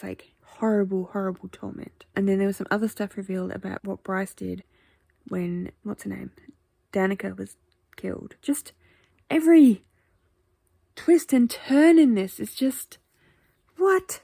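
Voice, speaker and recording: A woman chatting in a casual reading vlog, excitable and gushing, sometimes dropping to a whisper. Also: medium pitch, gravelly, dry recording. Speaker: book vlogger.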